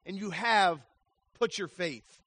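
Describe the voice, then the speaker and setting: Slow, bright-voiced impassioned male preacher. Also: high-pitched, no room sound. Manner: impassioned, swings from hushed to loud; lists words in slow emphatic runs. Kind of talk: evangelistic sermon.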